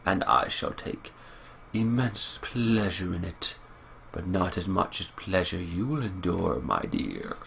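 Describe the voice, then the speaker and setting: A Scottish man voicing a leering villain who relishes cruelty, drawling slowly. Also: deep voice, big pitch swings, creaky, fairly bright tone, slight background noise, pitched below the performer's own voice, exaggerated voice. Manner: slow, purring, lecherous drawl.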